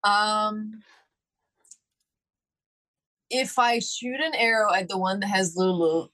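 A woman playing a tabletop game, hesitant and unsure as she checks her numbers. She talks slowly and takes her time. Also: medium pitch, steady tone, a bit bright, poor audio. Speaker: player.

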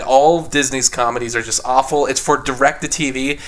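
A man co-hosting a casual movie podcast, rambling excitedly and laughing often. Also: medium pitch, normal speed. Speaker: podcast co-host. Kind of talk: casual chat about movies.

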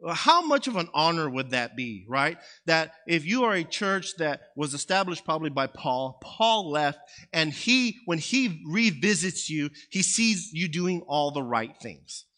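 A man's voice: on the high side, expressive, a little slow, bright, forceful tone. Conversational man preaching. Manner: conversational, frequent "right?" and "okay?" check-ins. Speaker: pastor. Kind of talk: sermon.

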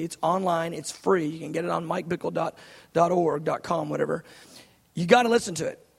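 A pastor in his thirties preaches a sermon, earnestly telling a story with many fillers and restarts. His voice sits high with vocal fry, carried by the long reverb of a large hall.

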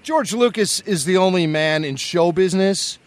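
Lively joking podcast host. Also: male voice, sits high, normal speed. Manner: enthusiastic, joking. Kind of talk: casual podcast chat.

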